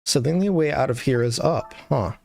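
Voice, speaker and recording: Deadpan young male ghost, played by a woman, low and dry. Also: brisk, vocal fry. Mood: wry. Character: young male ghost, wry and laid-back.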